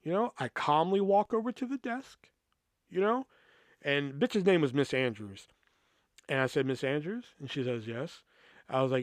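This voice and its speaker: Young male podcast host, casual profane storyteller, lively pitch, dry sound. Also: normal speed, long pauses, no room sound. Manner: profane, animated, acts out quoted exchanges.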